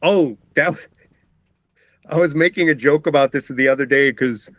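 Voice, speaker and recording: A man's voice: on the high side, moderate pace, a bit bright, no room sound. Rambling, chatty man guest. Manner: rambling, self-interrupting, laughs often. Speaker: guest cartoonist. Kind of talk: casual interview chat. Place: home basement.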